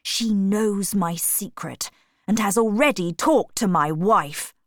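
A woman's voice: mid-range voice, slow pace, no echo, close to an everyday voice. A woman voicing a desperate, hot-tempered baronet. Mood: anxious. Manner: agitated, raised, urgent. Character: desperate anxious baronet, middle-aged man, hot-tempered.

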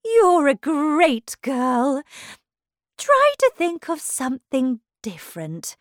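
A woman doing a fussy, high-pitched old Queen. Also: huge pitch swings, no room sound, studio quality, exaggerated voice. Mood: theatrical. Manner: slow, high and exclamatory. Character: old eccentric female queen, fussy and dramatic.

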